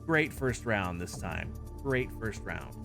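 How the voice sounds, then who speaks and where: A man streaming live, playing host of a game-show game with playful, animated patter. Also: lowish voice, slow pace, creaky. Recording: stream with music playing behind. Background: background music.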